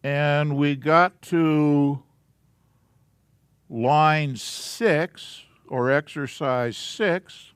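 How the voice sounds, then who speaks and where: A man teaching a Hebrew alphabet class in a church classroom, explaining slowly and casually. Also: a little high, smooth, dry recording.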